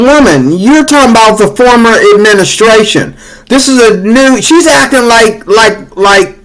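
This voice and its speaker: A man with a high, slightly bright voice hosts a commentary channel, reacting heatedly to news clips. His delivery is casual, repetitive and conversational, full of fillers, and the audio quality is poor.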